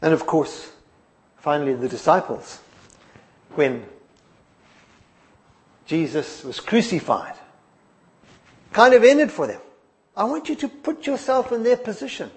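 High-voiced man preaching with dramatic swings. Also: a little slow, long pauses. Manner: expressive storytelling, dropping soft then rising emphatic. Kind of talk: sermon.

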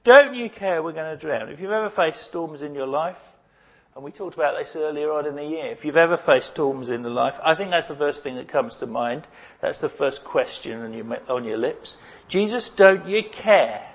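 Dramatic pastor preaching. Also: male voice, on the high side, normal speed. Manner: dramatic, swings from loud cries to hushed asides. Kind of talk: sermon.

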